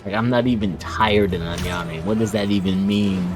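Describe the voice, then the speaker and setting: Low-voiced young man rambling over gameplay. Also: normal speed, music in the background. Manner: rambling, chatty. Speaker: gaming YouTuber. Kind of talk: casual gameplay commentary.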